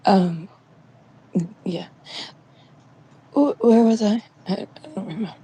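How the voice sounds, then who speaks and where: A woman's voice: medium pitch, animated, slow pace, pauses often, warm tone, slight background noise. A woman co-hosting a casual chat show, rambling and joking, often dropping to a near whisper. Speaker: co-host.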